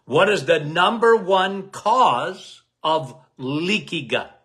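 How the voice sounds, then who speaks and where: A health podcast host runs a casual talk in a loud, animated, emphatic voice that's bright, forceful, and a bit high. He speaks slowly, can't seem to lower his volume, repeats key phrases to drive points home, and calls his listeners "guys."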